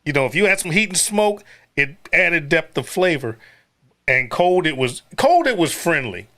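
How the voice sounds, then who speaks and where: A man's voice: fairly high pitch, big pitch swings, pushed and bright. Laughing, swearing man from Chicago. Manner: profane, laughing, quick storytelling. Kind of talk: casual chat.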